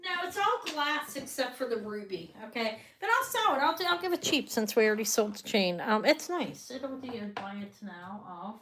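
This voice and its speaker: A woman's voice: fairly high pitch, expressive, moderate pace, few pauses, a bit bright, slight background noise. A woman hosting a live online jewelry sale, chatting loosely and often trailing off mid-sentence. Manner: chatty, rambling, trails off and restarts.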